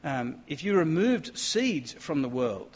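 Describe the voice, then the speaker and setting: A man's voice: on the high side, big pitch swings, takes it slowly, darkish tone, breathy edge. A man preaching a sermon to a gathered room, emphatic, with stumbling restarts as he reads and explains scripture aloud. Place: room with an audience. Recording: dull lo-fi recording with long reverb in a hall.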